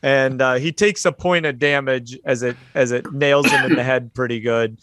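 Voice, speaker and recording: A man's voice: medium pitch, fairly even intonation, normal speed, fairly bright tone, no room sound. Man narrating as game master, dry sound. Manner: loose, filler-heavy narration. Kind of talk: narrating a tabletop horror game.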